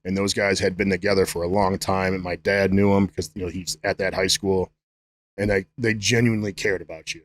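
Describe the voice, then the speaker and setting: A man's voice: low-pitched, little pitch movement, a little fast, no echo. Profane rambling middle-aged man. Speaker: guest, strength coach. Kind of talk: casual podcast chat.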